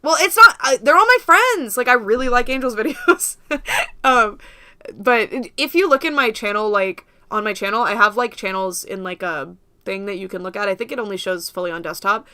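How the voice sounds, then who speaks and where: A woman's voice: mid-range voice, normal speed, bright, forceful tone, smooth, dry recording, studio quality. A young woman from the United States hosting a casual livestream, rambling and laughing often as she talks to viewers. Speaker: livestream host.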